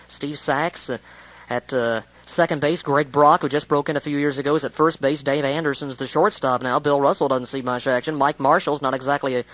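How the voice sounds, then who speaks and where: A man's voice: medium pitch, fairly bright tone, low-quality recording. A man giving a casual, rambling spoken recap of a baseball game, with many hesitations.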